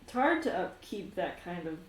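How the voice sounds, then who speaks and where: Woman playing a gentle big axe-wielding man. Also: lowish voice, very animated, normal speed, slight background noise. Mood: playful. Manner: mild, laughing, teasing back. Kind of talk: in-character tabletop role-play. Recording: roomy echo.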